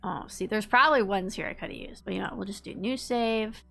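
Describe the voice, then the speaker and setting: Gravelly-voiced woman streamer thinking aloud. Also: mid-range voice, fast talker, sharp tone, faint music behind. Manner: chatty, thinking aloud, reads dialogue. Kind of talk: casual gameplay commentary.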